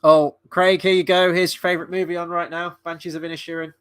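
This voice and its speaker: Bright-voiced excitable male streamer. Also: fairly high pitch, fast talker, clear, resonant tone, dry recording. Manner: chatty, excitable, swears freely. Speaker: livestream host and movie reviewer. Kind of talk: casual live watchalong commentary.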